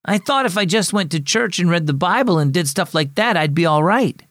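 A man's voice: high voice, expressive, brisk, fairly bright tone, dry recording, clean studio sound, voice pushed up. Man voicing a young schoolboy, glum, muttering, stammering, storybook reading. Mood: flustered. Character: troubled schoolboy, glum and discouraged.

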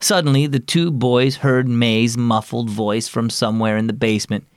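A man hosting and narrating a scripted children's devotional story, reading clearly and expressively. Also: medium pitch, steady tone, moderate pace, no echo, clean studio sound.

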